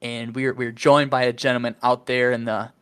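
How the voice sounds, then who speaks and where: A man's voice: mid-range voice, flat delivery, normal speed, fairly bright tone, clean tone. A man hosting a podcast in a loose, rambling way, swearing casually and laughing often. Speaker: podcast host.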